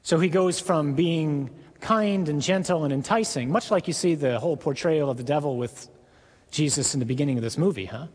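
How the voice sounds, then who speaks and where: A man preaching a sermon in an earnest, emphatic way with deliberate pauses. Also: fairly high pitch, long reverb tail.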